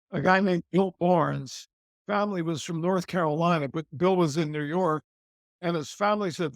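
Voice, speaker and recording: Speaking as an interview guest, an older TV host and author talks casually about his career, repeating phrases to stress his points. He has a slightly high voice with vocal fry, recorded with no echo.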